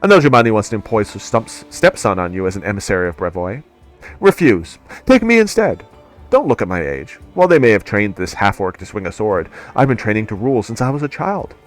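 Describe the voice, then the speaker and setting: A man's voice: lowish voice, sing-song, brisk, soft background music. A man voicing a polite, scheming seventeen-year-old noble heir in a game. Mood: persuasive.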